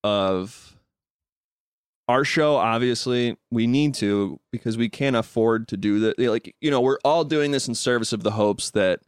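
A man's voice: medium pitch, unhurried, smooth, no room sound, studio quality. A young man, a comedian, talking in a loose, rambling casual conversation full of "like" and restarts. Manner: loose and rambling, heavy use of "like". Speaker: comedian and podcast guest.

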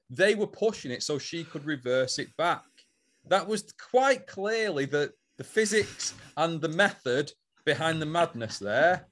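A man in casual podcast chat, animated and quick to set his co-host straight on the details. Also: fairly high pitch. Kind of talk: casual chat about a show.

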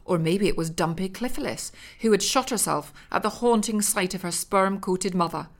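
A woman narrating a comic story in a dry, deadpan manner. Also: medium pitch, normal speed.

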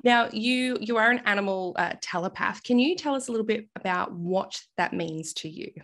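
A woman's voice: mid-range voice, animated, moderate pace, fairly bright tone. A woman hosting a podcast interview, asking questions and gushing with enthusiasm. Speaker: podcast host. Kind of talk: casual interview.

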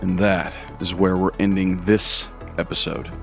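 Low-voiced man running a tabletop game. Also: a little slow, gravelly, soft background music. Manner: relaxed, descriptive with fillers. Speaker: game master.

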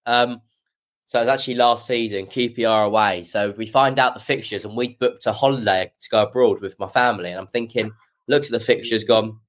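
A man's voice: fairly low pitch, a little fast. A young man telling a rambling anecdote in a casual chat. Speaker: guest football fan. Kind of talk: casual storytelling.

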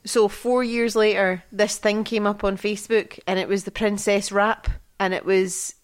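Female co-host, casual chat, lively storyteller who laughs easily. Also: medium pitch, normal speed, clean tone. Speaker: podcast co-host.

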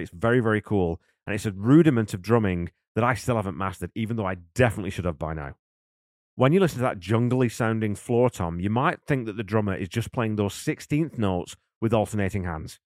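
A man with a fairly low voice talks through a song's drum parts with nerdy enthusiasm. He counts beats aloud and explains technique in a casual way. The sound is dry and close, with no room echo. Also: a little mellow. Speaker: drummer and host. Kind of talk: casual music breakdown commentary.

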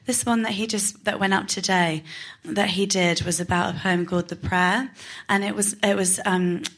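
A talkative woman in a relaxed podcast chat. She rambles through her stories with self-mocking asides and an easy laugh. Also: mid-range voice, moderate pace. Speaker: podcast guest. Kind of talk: casual chat.

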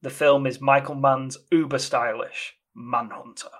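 A man co-hosting a podcast, chatting about films in a quick, jokey way. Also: mid-range voice, little pitch movement. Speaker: podcast co-host. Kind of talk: casual film chat.

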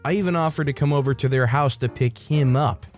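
A man narrating online stories in a steady, matter-of-fact scripted reading. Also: mid-range voice, brisk. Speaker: story narrator. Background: soft background music.

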